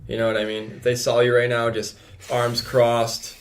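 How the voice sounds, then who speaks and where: A man's voice: medium pitch, completely flat delivery, normal speed. A young man co-hosting a podcast in a laid-back, rambling casual chat. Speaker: podcast co-host.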